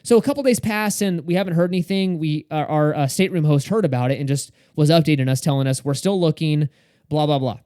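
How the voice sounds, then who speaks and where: A man's voice: a little high, fast, dark tone, smooth, no echo, studio quality. A young man co-hosting a podcast, telling a story in casual chat and acting out the quoted dialogue. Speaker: podcast co-host.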